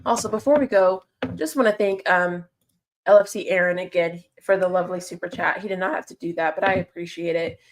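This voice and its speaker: A woman's voice: on the low side, brisk, slight background noise. A woman chatting casually on a livestream, answering her chat and laughing often.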